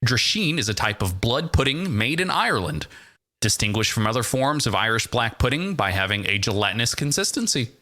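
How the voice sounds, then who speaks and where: A man's voice: medium pitch, sing-song, a little fast, sharp tone. A man hosting a casual podcast quiz, reading out facts in a dry, teasing way. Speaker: podcast host running a quiz. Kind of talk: casual chat.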